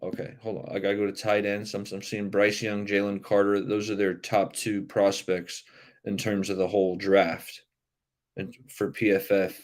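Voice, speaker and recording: Low-voiced man hosting casual sports stream. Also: completely flat delivery, moderate pace. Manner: chatty, rambling, reacts to chat comments. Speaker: livestream sports show host.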